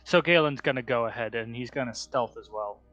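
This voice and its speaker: A man's voice: medium pitch, fairly quick, a bit bright, no echo, lo-fi sound, soft background music. A man playing a tabletop game, talking casually and unsurely, trailing off. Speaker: player. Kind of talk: tabletop role-play, casual.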